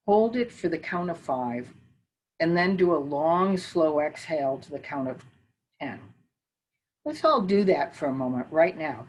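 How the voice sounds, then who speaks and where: An older woman teaching mindfulness, calmly talking and counting breaths slowly through a guided meditation. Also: low voice, slightly rough, low-quality recording. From northern United States.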